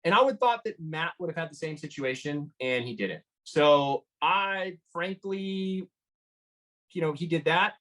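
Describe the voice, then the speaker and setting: A man giving an interview, retelling a tense encounter in an animated way, with lots of fillers and restarts. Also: a little high, measured pace, low-quality recording. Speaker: motorcycle engine builder guest. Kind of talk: storytelling interview.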